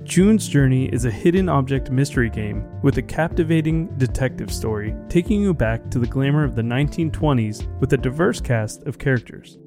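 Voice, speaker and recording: A man reading a scripted advertisement in an upbeat sales-pitch manner. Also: animated, fairly quick, hardly any pauses, over music. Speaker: ad reader.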